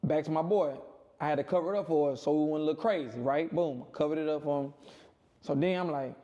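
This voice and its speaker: A man casually telling a long personal story, rambling and repeating himself, with animated quoted voices. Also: a little fast, muffled recording. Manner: rambling, repetitive, punctuates with "boom" and "right?". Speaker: storyteller in a played clip.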